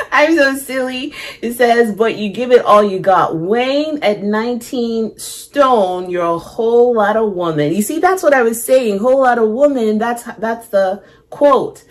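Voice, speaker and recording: A woman's voice: fairly high pitch, lively intonation, a little slow, hardly any pauses. A woman hosting a music reaction video, chatting playfully, reading lyrics aloud and laughing. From Canada. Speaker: music reaction channel host. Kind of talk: casual music reaction chat.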